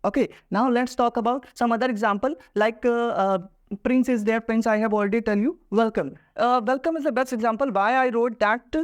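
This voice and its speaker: A man teaching pronunciation in a video lesson, pausing often with "uh" and speaking straight to his viewers. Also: extremely high pitch, fairly even intonation, no room sound, clean studio sound. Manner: hesitant, many "uh" pauses, addresses viewers directly. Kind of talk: classroom-style video lesson.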